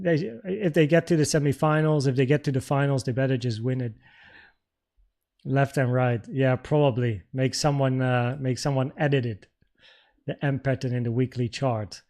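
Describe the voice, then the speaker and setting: A man's voice: mid-range voice, a little mellow. A young man from the Netherlands hosting a casual livestream, rambling and restarting as he reads out viewer comments. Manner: rambling, with frequent restarts and filler words. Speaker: livestream trading host.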